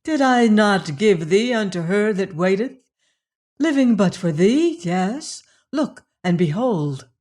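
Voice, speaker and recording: A narrator voicing a gentle young lady who speaks slowly and tenderly out of a vision. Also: medium pitch, lively intonation.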